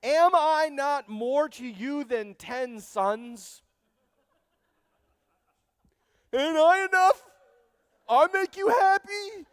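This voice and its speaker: A preacher putting on a whiny clueless husband. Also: male voice, extremely high pitch, lively intonation, takes it slowly, no room sound, voice pushed up, exaggerated voice. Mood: needy. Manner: whiny, incredulous questioning. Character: clueless self-centered husband, grown man.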